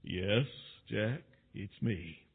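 A man voicing a divine voice from the sky that speaks slowly, low and reassuringly. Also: expressive, creaky, husky, in a large hall, full character voice. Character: calm, booming divine voice from the sky. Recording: tinny phone-like sound.

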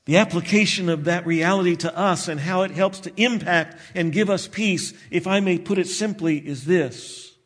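A man preaching a sermon, expressive and slowing down for emphasis. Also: sits high. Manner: expressive preaching, acts out disciples' voices, slows for emphasis. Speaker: pastor.

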